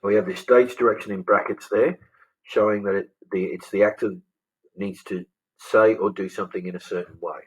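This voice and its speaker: A man's voice: fairly low pitch, fairly even intonation, normal speed, slightly rough, poor audio. A man, casually talking through a script example as a teacher. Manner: casual, thinking aloud with restarts. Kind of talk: explaining a script.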